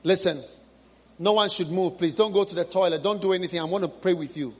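With a husky voice and a fairly quick pace, this male preacher gives a fervent sermon. He shifts from high, loud shouts to soft, low entreaties, repeating lines as he begs the congregation.

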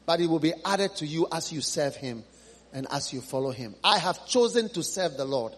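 Husky, fervent man preaching with wide swings. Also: animated, moderate pace. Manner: swings from loud high exclamations to low hushed appeals; repeats phrases for emphasis, pleading questions to the congregation. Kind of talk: impassioned sermon.

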